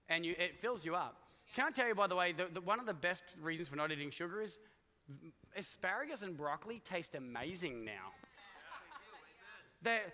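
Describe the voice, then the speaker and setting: In an echoey church hall, a middle-aged Australian pastor preaches a chatty sermon, joking and talking with the congregation through plenty of asides. His voice sits high and sounds bright and forceful, with a little hiss or hum in the recording.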